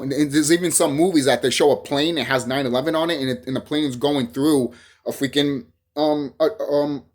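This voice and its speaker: Young guy from el salvador rambling at the camera, swears a lot, keeps restarting, kinda high voice. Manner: rambling, emphatic, profane, with restarts. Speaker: vlogger. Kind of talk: casual monologue to camera.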